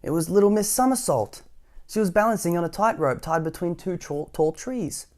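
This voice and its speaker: A man's voice: sits high, animated, moderate pace, darkish tone. A man hosting storytime, reading a children's picture book aloud with casual asides to young listeners. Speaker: storytime host.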